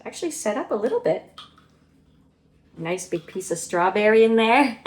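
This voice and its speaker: Woman homestead vlogger, slightly high voice, earnest and emotional, casual chat at home. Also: very animated, normal speed. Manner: earnest, openly emotional and chatty.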